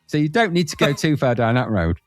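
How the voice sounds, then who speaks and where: A man's voice: mid-range voice, big pitch swings, a little fast, no echo. Male podcast co-host, mid-range voice, blunt and jokey, dry close mic. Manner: blunt, laughing, acts out scenes. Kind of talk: casual retro film chat.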